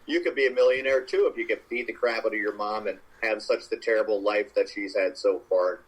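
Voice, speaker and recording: A man's voice: fairly low pitch, brisk, husky, low-quality recording. A man co-hosting a podcast, giving rambling, joking opinions in casual chat. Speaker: podcast co-host.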